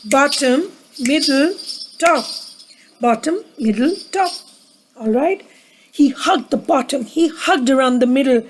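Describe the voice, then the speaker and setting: Woman storyteller, sore throat, high voice, unhurried, gets children repeating words. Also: expressive, a little hiss or hum, rough recording. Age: adult with a daughter. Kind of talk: reading a picture book aloud to children.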